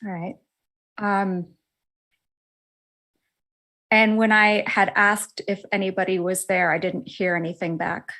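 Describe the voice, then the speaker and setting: Woman player at a tabletop game, thinks out loud, a bit unsure. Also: mid-range voice, flat delivery, slow, long pauses. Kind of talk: casual tabletop play.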